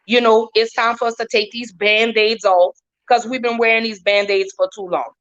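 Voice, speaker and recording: A woman's voice: on the high side, level tone, normal speed, a bit bright. A woman talking as a podcast guest, heartfelt and emphatic, repeating her points for weight. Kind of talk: casual podcast talk. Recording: dull lo-fi audio.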